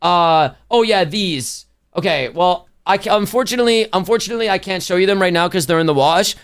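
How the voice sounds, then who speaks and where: High-voiced rambling male streamer. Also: brisk, clear, resonant tone. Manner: rambling, slangy, self-correcting. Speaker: livestreamer. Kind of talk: casual chat to a stream chat.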